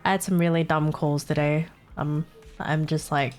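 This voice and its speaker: A woman's voice: low-pitched, steady tone, moderate pace, darkish tone, soft background music. A young woman streaming live, chatting casually and swearing as she fixes her setup, sounding a little congested.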